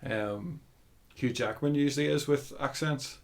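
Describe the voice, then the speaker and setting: A man's voice: medium pitch, unhurried, creaky. A man hosting a podcast, chatting casually about movies with hesitant fillers. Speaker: podcast host.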